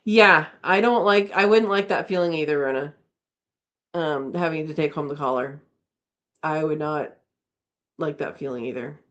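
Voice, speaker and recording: A woman's voice: low-pitched, normal speed, long pauses, fairly bright tone, lo-fi sound. Chatty woman hosting a home livestream. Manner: chatty, laughs often, reads viewer comments aloud. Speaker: host of a live chat. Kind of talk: casual livestream chat reading comments. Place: home, indoors.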